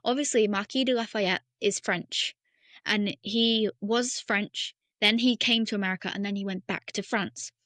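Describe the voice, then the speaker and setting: A woman co-hosting a podcast, explaining things in a steady, enthusiastic casual chat. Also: medium pitch, normal speed, dry recording. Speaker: podcast co-host.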